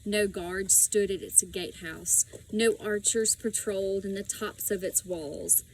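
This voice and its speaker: A woman reading a children's storybook aloud in a slow, expressive way. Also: mid-range voice, slight background noise, poor audio. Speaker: audiobook reader.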